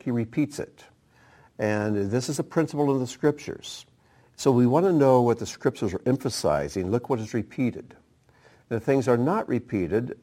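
A man preaching a sermon, teaching at an unhurried pace and reading scripture aloud between his explanations. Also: lowish voice, darkish tone. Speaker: pastor.

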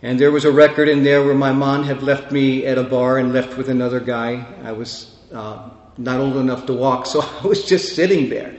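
A man preaching a personal testimony as a sermon, emotional, dropping to a hush and then swelling to fervent peaks. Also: mid-range voice, steady tone, moderate pace, lo-fi sound. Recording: echoey hall with long reverb.

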